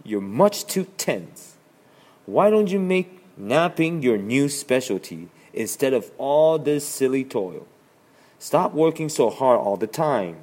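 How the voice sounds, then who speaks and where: A man's voice: mid-range voice, big pitch swings, takes it slowly, darkish tone, voice pushed up. A man doing a lazy carefree grasshopper. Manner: breezy, lazy, friendly. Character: lazy carefree male grasshopper, easygoing and laughing.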